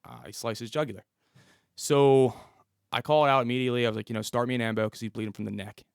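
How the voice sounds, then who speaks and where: Gravelly-voiced police officer telling a story. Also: male voice, mid-range voice, steady tone, quick pace, no echo, clean studio sound. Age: 30s. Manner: vivid storyteller who acts out the dialogue. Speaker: police officer, podcast guest. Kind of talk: storytelling interview.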